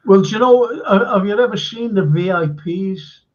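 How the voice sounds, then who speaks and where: A man's voice: sits high, normal speed, a little mellow, dull audio. A man hosting a live-stream chat, telling stories enthusiastically with lots of fillers. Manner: rambling, enthusiastic storytelling with many fillers. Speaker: host.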